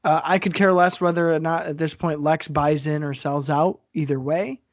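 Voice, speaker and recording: A man's voice: a little high, fairly even intonation, normal speed, no room sound. A man co-hosting a podcast in casual, profane chat, laughing often and talking with animation. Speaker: podcast co-host.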